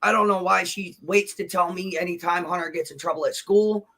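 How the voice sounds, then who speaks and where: Man, fairly high and bright, defensive panel guest, emotional and rambling. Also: fairly even intonation, brisk. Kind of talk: heated livestream argument.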